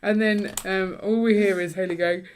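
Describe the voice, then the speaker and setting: A woman's voice: medium pitch, fairly even intonation, moderate pace, clear, resonant tone. A woman casually chatting and telling stories while building Lego on a livestream. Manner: chatty, storytelling, laughs easily.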